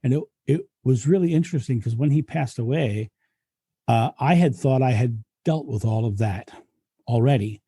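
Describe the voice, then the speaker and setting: A man's voice: mid-range voice, normal speed, dark tone, breathy edge, no echo. A man, a guest speaker, talking earnestly in a reflective interview and often restarting his sentences. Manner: earnest, frequent restarts and repetitions.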